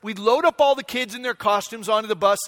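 A man's voice: sits high, fast talker, a bit bright. A man in his forties preaching a sermon, telling a family story in a conversational way and checking in with the room. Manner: conversational, asks the room "right?". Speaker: pastor.

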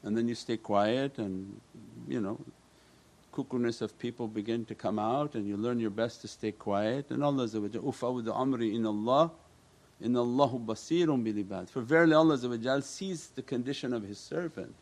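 A man as a religious teacher giving a calm sermon and answering questions, often weaving in Arabic prayer phrases. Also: medium pitch, brisk.

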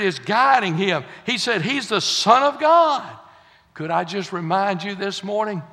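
Fiery preacher, bright high voice. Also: male voice. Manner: folksy, rises to fiery shouts. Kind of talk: sermon. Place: church sanctuary. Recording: long hall reverb.

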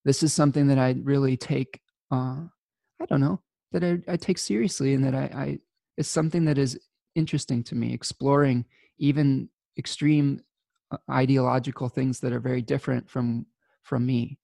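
A man with a mellow, gravelly voice talks in an earnest, halting way, full of fillers and restarts. His words sound dry and close, as if he is alone with the mic in a small room. He speaks as an astrology host. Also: medium pitch, fairly even intonation, no room sound. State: choked up with emotion. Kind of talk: casual spoken monologue.

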